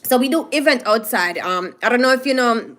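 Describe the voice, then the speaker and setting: A woman's voice: on the high side, expressive, a little fast, fairly bright tone. A woman from Jamaica with a Jamaican accent, giving a casual, opinionated commentary monologue and stretching out her emphatic phrases. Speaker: commentary host.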